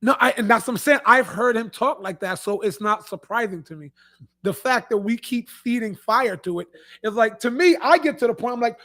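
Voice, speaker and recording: A man co-hosting a podcast, arguing his point in casual chat, animated and laughing often, stumbling over repeated words. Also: extremely high pitch, a little fast. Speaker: podcast co-host.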